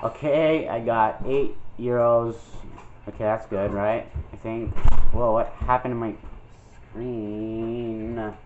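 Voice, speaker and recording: Recorded on a dull lo-fi mic alongside game music and a bit of background noise, a young man jokes his way through a video game in casual let's-play style. His voice is medium-pitched and somewhat dark, his intonation fairly even, and his pace slow. He yelps and puts on silly voices as he goes.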